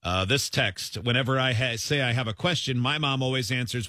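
A man hosts a relaxed radio chat, reading listener messages in a bright, forward voice. His delivery is easygoing and breaks into chuckles, recorded dry and close on a studio mic. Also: medium pitch, fairly quick, no echo. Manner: easygoing, chuckling between bits. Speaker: radio show host.

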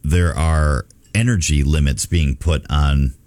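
A man's voice: rumbling low, slow, darkish tone, no echo. A man co-hosting a morning radio show, telling stories in casual banter and laughing at his own points.

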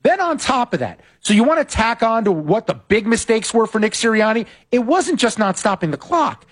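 A man's voice: high-pitched, moderate pace. A man hosting a sports betting podcast, recapping football games and sharply criticizing coaching decisions. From West Coast of the United States. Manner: animated, opinionated, critical of coaching.

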